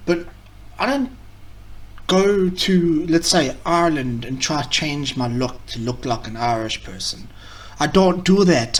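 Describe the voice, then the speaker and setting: A man's voice: a little high, expressive, unhurried, distant mic. A man hosting a casual reaction video, rambling, correcting himself mid-sentence and mocking what he reacts to.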